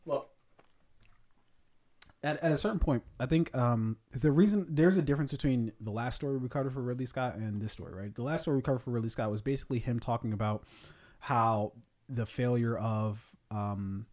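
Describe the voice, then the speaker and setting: Male podcast co-host, casual, profane, animated storyteller. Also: mid-range voice, fairly quick. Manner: profane, laughing, acts out quotes. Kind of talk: casual chat.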